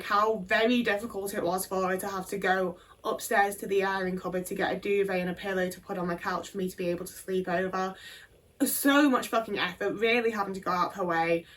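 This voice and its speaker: A woman's voice: mid-range voice, distant mic. A woman telling a candid personal story, blunt and sweary. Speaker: video creator.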